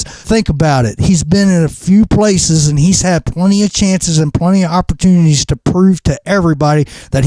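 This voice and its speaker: A man's voice: a little high, warm tone, dry recording. A middle-aged man, a pro wrestler and trainer, ranting bluntly and profanely in a podcast interview.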